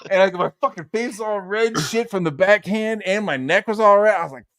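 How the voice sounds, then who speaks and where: A man's voice: high voice, a little fast, no room sound, clean studio sound. A man co-hosting a livestream, telling a story in casual comedic chat, swearing freely and acting out the people in it. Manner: animated storyteller, heavy swearing, acts out quotes. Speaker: livestream co-host.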